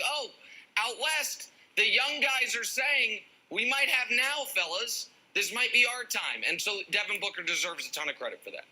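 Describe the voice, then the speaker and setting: A man's voice: high-pitched, pushed and bright, rough recording. A male sports analyst making his points on a debate show with wry, sarcastic jokes.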